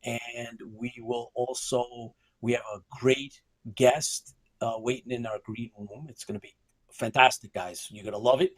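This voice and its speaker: A man's voice: mid-range voice, steady tone, unhurried, no echo, poor audio. A man hosting a live sci-fi news broadcast, upbeat, greeting viewers by name and laughing often. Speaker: host.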